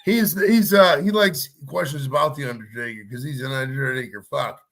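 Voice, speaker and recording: A man's voice: mid-range voice, moderate pace, creaky, a bit bright. A man hosting a podcast, rambling and joking in a crude, profane way. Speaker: podcast host. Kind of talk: casual crude banter.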